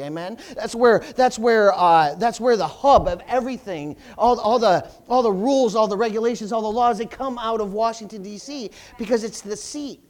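A male pastor preaching a sermon, asking for amens and swelling to loud, fervent cries. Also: high voice. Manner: preaching with call-outs for amens, rising to loud fervent crying out.

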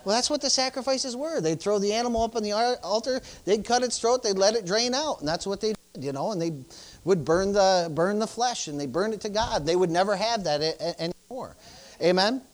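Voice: mid-range voice, a little fast. A pastor, preaching informally, peppering talk with "praise the Lord" and "hallelujah," and urging the congregation emphatically. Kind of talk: sermon.

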